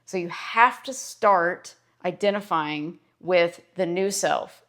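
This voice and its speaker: A woman's voice: fairly low pitch, slow, hardly any pauses, fairly bright tone. Earnest woman giving a pep talk. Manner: earnest and emphatic, repeating phrases for stress. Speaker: licensed clinical social worker and mindset vlogger. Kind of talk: motivational talk to camera.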